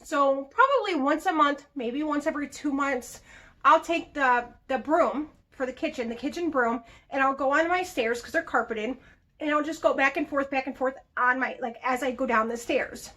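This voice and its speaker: A woman's voice: high-pitched, moderate pace, a bit bright. A young adult woman talking casually and with animation as she reviews products in a vlog, laughing now and then. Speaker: vlogger.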